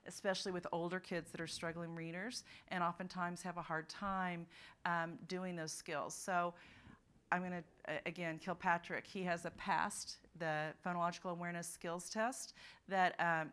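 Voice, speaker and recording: A woman leads a workshop session for teachers at a literacy conference, held in a conference room. Her lowish voice is steady and clean, fairly bright, at a normal speed, as she goes through examples and models sounds and words aloud for listeners.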